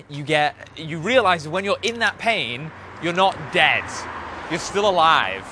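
A man's voice: fairly high pitch, lively intonation, normal speed, sharp tone. A young man hosting a podcast, talking in a loose, rambling, profane monologue full of filler words. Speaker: podcast host. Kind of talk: casual monologue.

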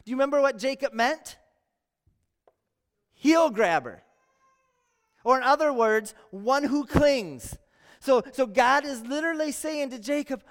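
Very high-voiced male pastor preaching. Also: animated, measured pace, long pauses. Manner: earnest preaching with rhetorical questions and repeated phrases. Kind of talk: sermon. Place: church sanctuary. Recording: long church hall reverb.

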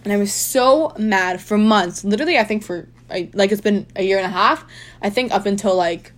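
A woman's voice: mid-range voice, brisk. A young adult woman telling a personal story in a casual, chatty way. She fills her speech with "like" and speaks with emphasis. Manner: chatty, heavy use of "like", emphatic.

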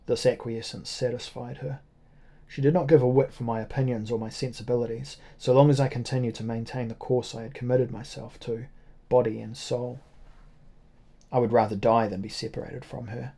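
A man narrates a novel in a steady, measured reading. His voice is mellow and dark, and it stays on a narrow, level line of pitch. The delivery is sombre and unhurried. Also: vocal fry. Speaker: audiobook narrator. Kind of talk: scripted first-person narration.

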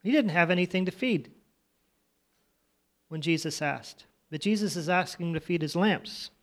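A man's voice: sits high, normal speed, a bit bright. A man teaching a children's church class, retelling a Bible story in his own casual words and asking the kids questions. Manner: conversational, asks the children questions.

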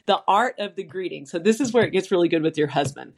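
A woman co-hosting a chatty podcast, talking in a lively way and laughing as she goes through a list of tips. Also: fairly low pitch, fast. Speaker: podcast co-host. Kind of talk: casual chat.

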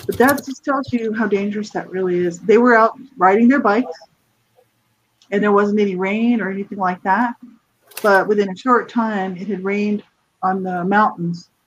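A woman chatting casually, telling a story and giving brief encouraging replies. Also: medium pitch. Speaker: conversation partner. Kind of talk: casual chat. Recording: dull lo-fi audio with faint noise.

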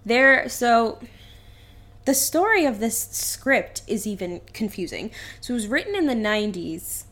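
A woman co-hosting a podcast, telling a story in animated casual chat and acting out the characters. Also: fairly high pitch, unhurried. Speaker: podcast co-host.

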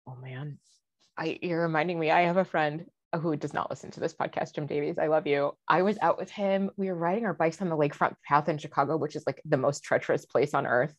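A woman with a slightly low voice shares a wry story in a casual podcast chat. She laughs often as she talks. The recording is dry and close. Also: fairly quick, no echo. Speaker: podcast co-host.

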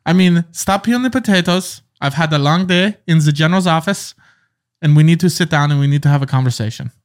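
A pompous French emperor, as a man hams him up in a podcast sketch. He declares things with lofty, careless self-importance, his put-on accent wobbling between French and German. The voice sits a little higher than plain talk and carries lively swings. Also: quick pace, lightly acted. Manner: bad mock French accent that slips into German. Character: blustering jealous French emperor, adult man.

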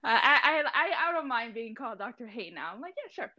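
A woman's voice: on the high side, very animated, fairly quick, sharp tone, lo-fi sound. A young adult woman from Venezuela, an eye doctor and interview guest, talking casually and loosely with lots of fillers. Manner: chatty, many fillers like "like" and "you know". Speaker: guest, ophthalmologist.

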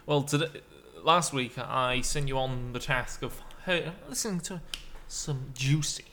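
A man co-hosting a podcast, chatting casually and reacting with quick remarks. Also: mid-range voice, bright, forceful tone, a little hiss or hum. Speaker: podcast co-host. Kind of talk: casual chat.

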